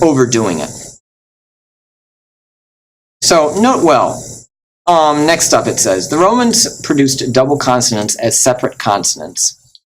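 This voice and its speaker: A man's voice: mid-range voice, slight background noise, rough recording. A man teaching a Latin pronunciation lesson, patiently explaining step by step, sounding words out and calling things neat. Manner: mildly enthusiastic, calls things neat. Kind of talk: recorded classroom lesson.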